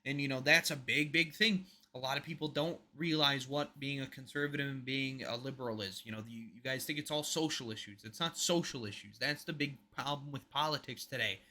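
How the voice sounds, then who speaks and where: This US podcast co-host chats casually with strong opinions, rambling emphatically and muttering at the close of his points. His voice is medium in pitch and sharp, moving a little fast with few pauses.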